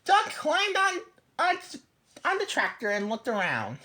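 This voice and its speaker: Bright, lively woman reading a picture book. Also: sits high. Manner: slow, expressive, with small stumbles and coughs. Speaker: children's book reader.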